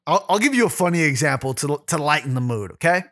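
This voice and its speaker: A man with a voice pitched a touch above most men's, co-hosting a casual podcast. He tells loose, rambling stories full of swearing, restarts and asides. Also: lively intonation, fast, fairly bright tone. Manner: rambling, profane storytelling with frequent restarts. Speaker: podcast co-host. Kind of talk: casual chat.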